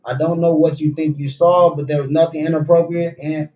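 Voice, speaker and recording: A man's voice: on the high side, flat delivery, a little fast, mellow, close to an everyday voice. A man voicing a defensive middle-aged woman who answers stiffly, caught out by her friend. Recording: dull lo-fi stream audio.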